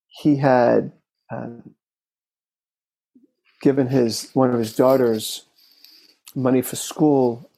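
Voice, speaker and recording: A man who works as a therapist, recounting a case as an interview guest in an unhurried, thoughtful way, speaking in short phrases. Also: medium pitch, vocal fry, warm tone, husky, low-quality recording. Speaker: therapist and relationship expert.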